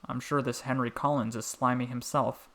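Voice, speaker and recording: A man voicing a gentle, kind-hearted talking male frog in a storybook reading, soft and cheerful with a warm, teasing manner. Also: medium pitch, flat delivery, moderate pace, natural voice.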